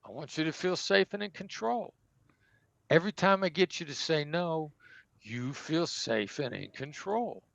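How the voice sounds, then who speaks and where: A man's voice: medium pitch, fairly bright tone, no room sound, muffled recording. Emphatic man explaining negotiation tactics. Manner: emphatic, acts out example dialogue. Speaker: negotiation expert guest. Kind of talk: interview answers, teaching.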